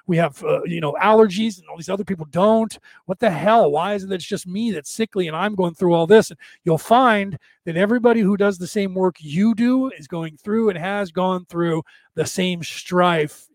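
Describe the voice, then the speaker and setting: A man with a fairly high voice hosts a loose spiritual talk, speaking right into a desk microphone. The sound is dry and close, with no room around it. He circles back on his words and sometimes sinks to a near whisper for an aside. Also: creaky, no echo. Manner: conversational, repeats and restarts, drops to a hush for asides. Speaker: spiritual podcast host. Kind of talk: casual spiritual talk to a live chat.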